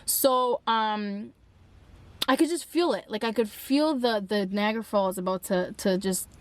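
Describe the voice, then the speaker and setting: A young woman vlogger telling a dramatic story time, animated and emphatic, with lots of filler "like". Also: medium pitch, unhurried, no room sound. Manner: animated, dramatic retelling with frequent "like". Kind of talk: storytime vlog.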